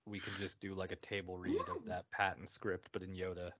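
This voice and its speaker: A man co-hosting a podcast in casual chat, dry and teasing, often trailing off quietly. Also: deep voice, little pitch movement, fairly quick. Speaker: podcast co-host. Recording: dull lo-fi sound.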